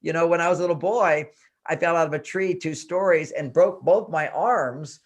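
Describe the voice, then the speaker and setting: His pitch is fairly high and his speed normal as this older relationship expert explains his thinking on an interview program, leaning into points with animation and reusing phrases.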